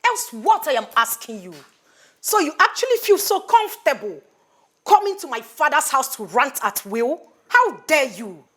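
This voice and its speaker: An actress playing a scheming young woman who speaks in a sharp, confrontational way. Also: medium pitch, lively intonation, normal speed, natural voice. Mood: angry. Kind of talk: film drama acting.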